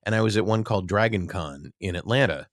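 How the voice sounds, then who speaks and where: A man's voice: fairly low pitch, fairly quick, no room sound, clean studio sound. A middle-aged man, an actor, telling rambling, self-deprecating stories in a casual interview, with many restarts.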